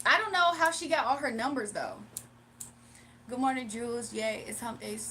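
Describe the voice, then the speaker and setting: Livestream tarot host, woman, bright high pitch, animated and laughing, light background hum. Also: normal speed. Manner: animated, laughs often, talks back to chat. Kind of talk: casual livestream chat.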